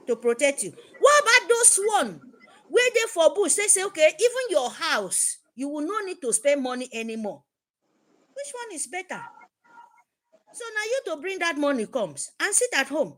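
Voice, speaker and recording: A woman's voice: high-pitched, a bit bright. A woman with a Nigerian accent, giving an impassioned, repetitive address to her supporters. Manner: fervent, emphatic, repetitive. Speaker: activist speaker.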